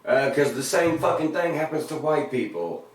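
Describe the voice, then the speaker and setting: A man's voice: on the high side, expressive, normal speed. A male musician in a casual interview, explaining his lyrics with laid-back, profane storytelling. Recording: very echoey room, distant mic.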